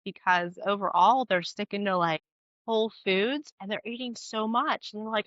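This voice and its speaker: A fitness coach speaks a little fast in a mid-range voice, chatting casually on a podcast via video call with earphones. She tells animated stories and acts out what clients say to her, and the audio is dull with no echo.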